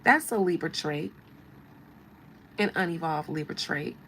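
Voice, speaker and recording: A woman's voice: low voice, expressive, measured pace, fairly bright tone, a little hiss or hum, rough recording. A woman hosting a show as a tarot reader, giving blunt, slangy, mocking commentary. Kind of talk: casual commentary.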